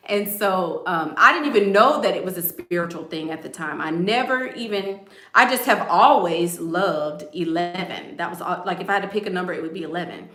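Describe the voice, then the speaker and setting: A woman talks straight to her viewers in a loose, playful vlog chat. Her voice sits at a middle pitch. The room gives her words a noticeable echo. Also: moderate pace, bright, forceful tone. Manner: chatty, playful, addresses viewers as y'all. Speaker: vlogger. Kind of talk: casual chat.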